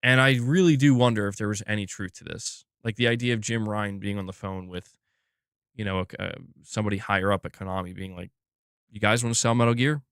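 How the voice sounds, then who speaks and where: Young male streamer, loose rambling chat with the audience; lower register, recorded dry and close. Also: fairly even intonation, fairly quick, fairly bright tone, clean tone, dry recording. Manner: rambling, restarts often, calls chat "dude" and "bro". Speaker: livestream host. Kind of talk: casual livestream chat.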